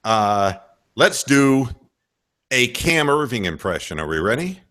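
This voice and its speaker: A man's voice: medium pitch, unhurried. A man hosting a casual sports talk radio show, rambling and swearing as he rants about his team. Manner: animated, rambling, swearing, breaks into mock voices.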